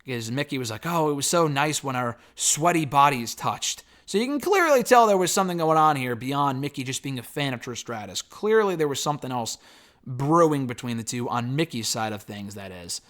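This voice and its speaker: A man's voice: mid-range voice, big pitch swings, brisk, fairly bright tone. A man giving a loose, chatty spoken recap and review of a wrestling show. He swears casually and waves off details with "blah, blah, blah.".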